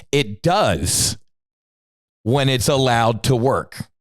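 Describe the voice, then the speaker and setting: A man's voice: mid-range voice, no room sound, studio quality. A middle-aged man hosting a podcast, delivering a blunt, profane, combative rant with sudden emphatic bursts. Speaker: podcast host.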